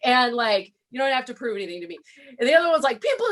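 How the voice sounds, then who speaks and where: A woman doing a stand-up comedy set, her voice high and bright for a woman. She tells her stories in a brash, profane, punchy way. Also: very animated, very fast. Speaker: stand-up comic.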